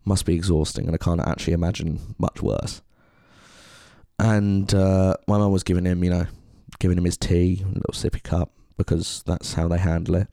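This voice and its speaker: A man's voice: sits low, flat delivery, moderate pace, vocal fry, dark tone, no room sound, clean studio sound. A man co-hosting a casual podcast, speaking earnestly and from the heart. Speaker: podcast co-host.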